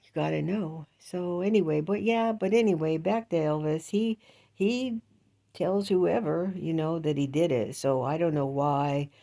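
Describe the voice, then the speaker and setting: A woman's voice: low-pitched, a little slow, dark tone. An older woman vlogging in a casual, rambling monologue, indignant and chatty, with frequent laughs.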